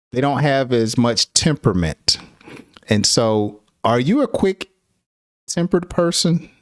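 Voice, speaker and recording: A middle-aged man teaches English in an easygoing, unhurried way. His voice sits on the low side, and he often breaks into laughter while acting out example lines. The sound is dry and close, with little room behind it. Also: no echo. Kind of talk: casual spoken lesson.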